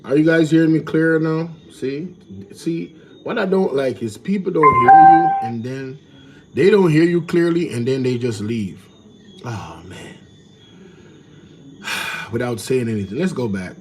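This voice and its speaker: A man's voice: mid-range voice, a little slow, noisy background. A man reacting to news clips in casual commentary, incredulous and ranting. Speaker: reaction channel host.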